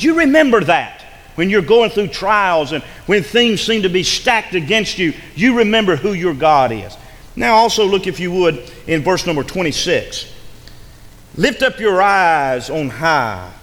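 A man's voice: high voice, animated, moderate pace, a bit bright. A man preaching a sermon as pastor, emphatic and repeating lines for effect. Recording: long hall reverb.

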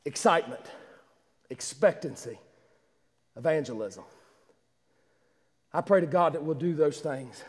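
A man preaches with fervent, repetitive insistence, often stumbling and restarting his phrases. His voice sits high for a man. It rings with a long reverb from a small church. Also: lively intonation, a little slow, pauses often, breathy edge. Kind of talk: livestreamed Easter sermon.

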